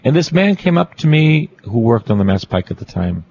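A man's voice: mid-range voice, big pitch swings, a little fast, few pauses, darkish tone, highs cut off, a little hiss or hum. A Catholic priest, a man, preaching a storytelling sermon, repeating phrases for emphasis and asking his listeners questions.

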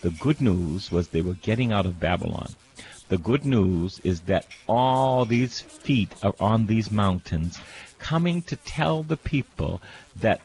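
Middle-aged male priest, lowish voice, lively sermon delivery with call-and-response. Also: slight background noise. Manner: dramatic scripture reading, call-and-response preaching. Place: airport.

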